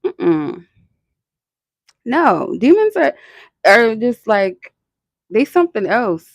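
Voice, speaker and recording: A channel host with a medium-pitched, sing-song voice talks slowly in casual chat, rambling and profane, constantly saying "like" and laughing. There's no echo.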